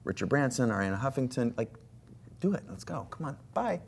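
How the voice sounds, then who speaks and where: A man's voice: mid-range voice, sing-song, brisk, gravelly, slight background noise. A man hosting an interview show, chatting in an easygoing, agreeable way. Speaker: host. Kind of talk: casual interview chat.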